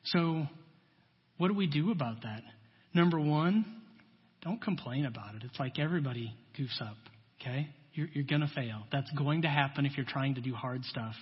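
A man's voice: mid-range voice, moderate pace, breathy edge. A man preaching a sermon in a conversational, folksy way, full of asides and plain talk. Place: church. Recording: dull long-reverb church hall.

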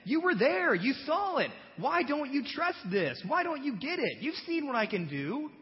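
A man voicing an exasperated male teacher who pleads with his slow followers, retold in a sermon. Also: very high-pitched, big pitch swings, voice pushed up. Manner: pleading, incredulous, stressing each question. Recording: dull recording with long hall reverb.

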